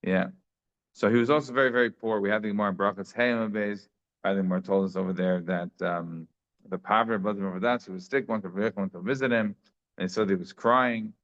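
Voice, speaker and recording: A man's voice: fairly low pitch, steady tone, quick pace, fairly bright tone. A man giving a daily Talmud class in a conversational way, thinking aloud with frequent restarts. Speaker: Talmud teacher. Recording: slightly dull lo-fi sound.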